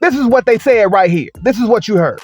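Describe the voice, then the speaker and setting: A man's voice: high-pitched, lively intonation, a little fast, a little mellow, soft background music. A man delivering an opinion commentary rant, sarcastic and full of rhetorical questions and emphatic repetition. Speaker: commentary vlogger.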